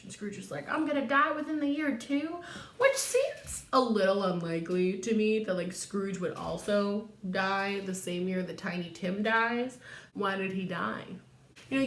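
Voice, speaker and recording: A woman's voice: mid-range voice, roomy sound, a little hiss or hum. A young woman vlogger in her twenties giving a tipsy comedic retelling, full of slang, swearing and laughs.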